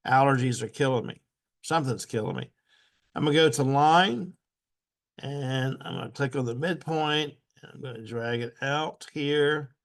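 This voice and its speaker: A man teaching a step-by-step software tutorial. He repeats each step aloud patiently and keeps clearing his throat. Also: medium pitch, moderate pace. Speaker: instructor.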